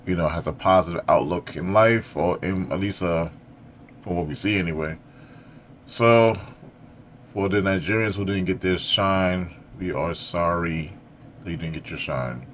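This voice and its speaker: A man's voice: low voice, slight background noise. A man hosting a reaction video, talking casually and frankly, scolding one moment and sympathizing the next. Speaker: reaction streamer host.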